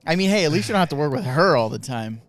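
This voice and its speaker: A man co-hosting a comedy talk show, laughing often and chiming in with quick agreement. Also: fairly high pitch, lively intonation, a little hiss or hum. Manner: laughs a lot, chimes in with short agreements. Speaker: co-host. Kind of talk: casual chat.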